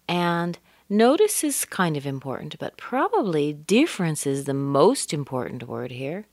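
A woman teaching a pronunciation lesson, slowly demonstrating and repeating sounds and words. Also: deep voice, very animated, vocal fry, darkish tone, no echo, studio quality. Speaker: accent coach.

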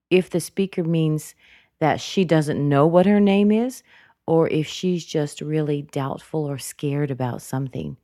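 A woman teaching English intonation in a clear, deliberate way, modeling each phrase for learners to repeat. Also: deep voice, expressive, warm tone, dry recording, studio quality. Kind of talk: spoken lesson.

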